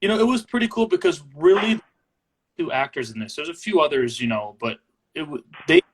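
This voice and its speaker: A man's voice: on the high side, expressive, fairly quick, a little hiss or hum, poor audio. A man hosting a casual chat, easygoing and rambling. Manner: easygoing, rambling, many restarts. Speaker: podcast host.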